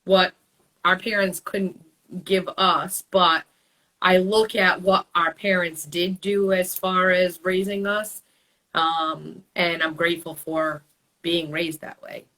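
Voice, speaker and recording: A woman's voice: on the low side, flat delivery, slow pace, bright, forceful tone, rough recording. A middle-aged woman hosting a casual chat, talking bluntly and swearing freely. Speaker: host.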